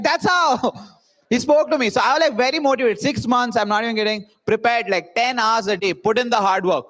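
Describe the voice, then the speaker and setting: A young man from India speaks at a student event in a high-pitched, slightly bright voice. Before a live audience he tells a jokey, self-mocking story, imitating the voices of its characters.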